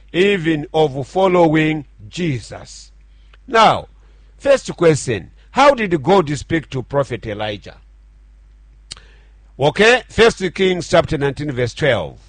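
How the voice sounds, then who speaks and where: Pastor preaching on the radio. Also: male voice, fairly high pitch, no echo. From Zambia. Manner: earnest preaching with repetitions and restarts. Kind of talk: radio sermon.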